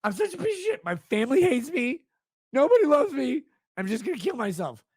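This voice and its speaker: A high, whining voice of a desperate man begging and pleading for help, put on by a drunk, slurring man. It leaps about in pitch and sounds breathy in a dry, close setting. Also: very animated, brisk, a little mellow, no room sound, full character voice. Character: whiny, self-pitying desperate man begging.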